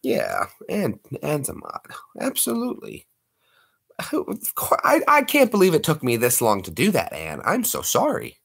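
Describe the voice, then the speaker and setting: Playful man with a lively voice. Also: on the high side, normal speed, gravelly, breathy edge. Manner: playful, jokey, slips into put-on accents. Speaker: livestream host. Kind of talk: late-night livestream chat with viewers.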